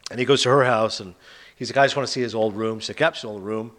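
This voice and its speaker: A man hosting a casual chat, retelling film plots and reviews with an animated, sarcastic manner. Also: lowish voice, fast. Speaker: podcast host reviewing films.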